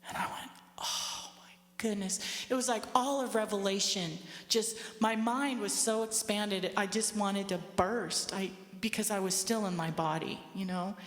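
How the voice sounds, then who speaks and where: A woman's voice: medium pitch, moderate pace, hardly any pauses. Woman telling her testimony in an echoing hall. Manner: earnest, conversational storytelling with asides to listeners. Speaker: speaker giving a testimony. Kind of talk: personal testimony to an audience. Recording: echoey hall with long reverb.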